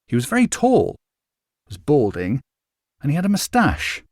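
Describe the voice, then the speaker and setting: A man reading a novel aloud as its narrator in a measured, expressive storytelling manner. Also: on the high side, no room sound, clean studio sound. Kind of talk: scripted narration.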